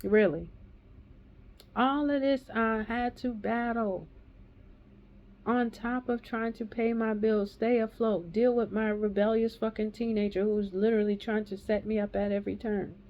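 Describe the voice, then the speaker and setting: A woman's voice: a little high, little pitch movement, normal speed. Heated profane woman ranting, dull lo-fi. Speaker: woman giving a personal testimony. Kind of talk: raw angry monologue. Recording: dull lo-fi recording.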